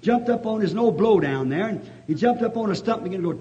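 A man preaching a sermon, telling a folksy story that rises to fervent shouting. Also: sits high, animated, quick pace. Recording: dull lo-fi old recording.

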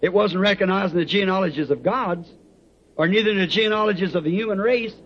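A man's voice: sits high, quick pace, a little hiss or hum. A man preaching a sermon to a congregation, fervent and rhythmic, telling stories with chuckles. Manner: fervent, rhythmic, storytelling with laughs. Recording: dull lo-fi old tape recording.

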